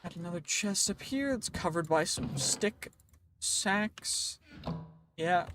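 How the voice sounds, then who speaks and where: Brief: male gaming host, high pitch, playful running commentary, slightly worn voice, faint hiss behind. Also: expressive, takes it slowly. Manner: chatty, playful, thinks out loud. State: voice wearing out. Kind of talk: casual gameplay commentary.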